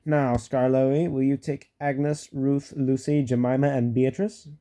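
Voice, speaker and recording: A man voicing a stern but kind railway boss in a storybook reading, brisk and authoritative. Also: mid-range voice, little pitch movement, mellow, lightly acted. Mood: firm.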